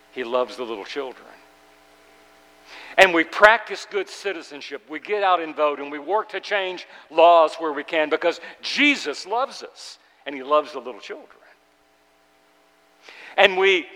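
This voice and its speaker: Earnest preaching man, slightly high voice. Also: in a large hall, low-quality recording. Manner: earnest preaching, swinging between loud and hushed. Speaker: pastor. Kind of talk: sermon. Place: church sanctuary.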